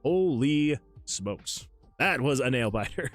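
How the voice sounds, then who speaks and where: A man hosting a casual livestream, chatting excitedly with viewers, laughing often and reading chat messages aloud. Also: medium pitch, takes it slowly, soft background music. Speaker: livestream host and game developer.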